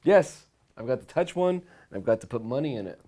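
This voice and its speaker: A man's voice: mid-range voice, very animated, fairly quick, dark tone. A man appearing as a podcast guest, playful and giggly in casual comedic chat.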